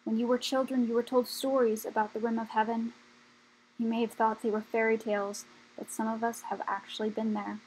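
A woman voicing an old, weary male dragon leader in a storybook reading, speaking slowly and gravely. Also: on the high side, flat delivery, a little mellow, a little hiss or hum, natural voice, rough recording. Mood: solemn.

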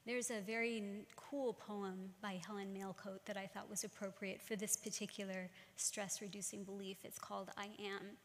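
A middle-aged woman giving a church talk, telling stories in a measured, earnest way. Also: mid-range voice, little pitch movement, a little hiss or hum. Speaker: church speaker. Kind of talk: sermon-style talk. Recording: long church-hall reverb.

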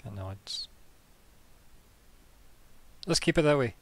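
Guy doing a gruff four-armed noodle vendor, brooklyn accent, short and grumpy. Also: mid-range voice, animated, slow pace, fairly bright tone, no room sound. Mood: suspicious. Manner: curt, grunting, impatient.

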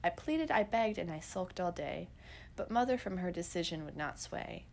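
A teenage girl narrating old diary entries and poems in an earnest, expressive way. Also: lowish voice, moderate pace, creaky. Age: teens.

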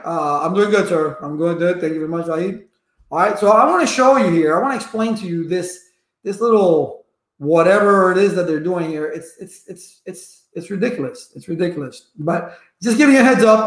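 A man's voice: high-pitched, roomy sound. A man running a live-streamed networking lesson, chatty and repetitive, stopping to greet viewers in the chat. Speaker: networking instructor.

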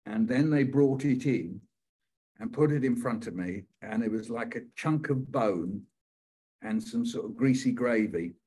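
Older British man, husky, runs a poetry lesson with playful, rhythmic repetition. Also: medium pitch, expressive, unhurried, warm tone. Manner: playful, repeats phrases rhythmically, acts out quoted voices. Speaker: poet leading a writing workshop.

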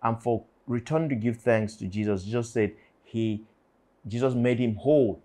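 A youth pastor in his forties preaches a sermon to teenagers, fervent and prayerful. His voice is medium-pitched and dark, delivered at a moderate pace.

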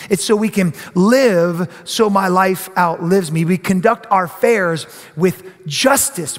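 A middle-aged man delivers a sermon in a big church, his voice pitched high. He preaches in an animated way and slips into other people's voices. A long reverb from the hall trails his words. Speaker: pastor. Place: church sanctuary.

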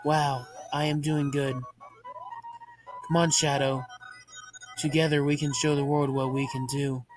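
A man giving profane, deadpan muttered commentary while playing a video game, framed as a mock ASMR video. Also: medium pitch, unhurried, music in the background. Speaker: gaming channel host.

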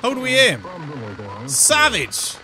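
A young Irish man playing a horror game, talking loudly and excitedly, swearing and yelping when startled. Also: very high-pitched, slow pace, crowd noise, low-quality recording. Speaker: gaming YouTuber.

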